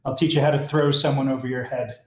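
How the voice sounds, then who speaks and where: A man's voice: medium pitch, steady tone, fast talker, echoey room. A man calling in, with a dry, amused way of talking. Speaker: caller.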